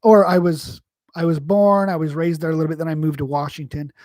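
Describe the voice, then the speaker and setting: A man's voice: on the high side, steady tone, a little fast, darkish tone, no echo, clean studio sound. Profane rambling man from New York. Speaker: livestream host. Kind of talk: casual chat, answering live chat.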